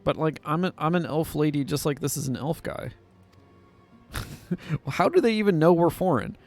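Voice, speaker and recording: Chatty, self-mocking man with a lively voice. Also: fairly high pitch, moderate pace, faint music behind. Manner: self-deprecating, laughing, chatty asides. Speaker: podcast host. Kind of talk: casual commentary while reading a game aloud.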